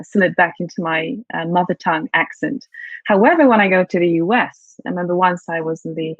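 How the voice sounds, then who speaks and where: A Polish-born woman with a British accent, a guest speaking warmly and reflectively in an interview, often restarting her phrases. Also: on the low side, dry recording. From Poland. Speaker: guest, CEO and leadership coach. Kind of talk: casual interview chat. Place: at home. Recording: dull, dry video call audio.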